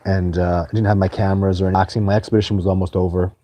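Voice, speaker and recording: A man's voice: sits low, flat delivery, racing, dark tone, no echo. A man hosting a live stream, answering viewer questions in a casual, earnest and rambling way. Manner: earnest, rambling, many restarts.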